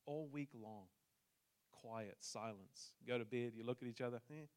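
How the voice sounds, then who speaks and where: Animated New Zealand man preaching. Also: medium pitch, normal speed, smooth. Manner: animated storytelling with jokes to the congregation. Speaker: pastor. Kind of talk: sermon.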